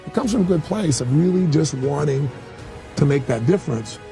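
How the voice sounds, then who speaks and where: A man's voice: fairly high pitch, animated, fairly quick, vocal fry, music in the background. A man speaking as a motivational speaker in a candid interview, blunt and full of stories, acting out quotes. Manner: storytelling, blunt, acts out quotes.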